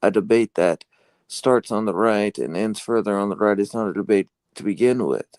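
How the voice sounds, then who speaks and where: A man co-hosting a podcast in casual chat, talking haltingly with many fillers. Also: lowish voice, a little mellow, dry recording. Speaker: podcast co-host. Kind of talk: casual chat, reading a flyer aloud.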